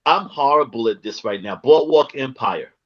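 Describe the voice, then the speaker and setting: A man's voice: mid-range voice, animated, moderate pace, muffled recording. A man interviewing a guest in a casual chat, rambling and searching for words.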